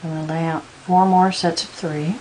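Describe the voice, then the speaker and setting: A woman giving a patient step-by-step beading tutorial, counting out beads slowly as she works. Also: low voice, little pitch movement, darkish tone, a little hiss or hum, poor audio. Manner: patient, counts beads aloud in slow steps. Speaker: beading instructor.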